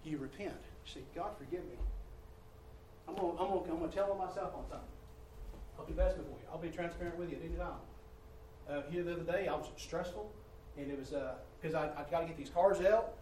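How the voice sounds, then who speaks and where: A man preaching a sermon with a high voice, caught from some distance in a reverberant church hall. He tells stories in a confessional way and swings between hushed and loud, exasperated passages. Faint room ambience sits behind him. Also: fast talker, a little hiss or hum.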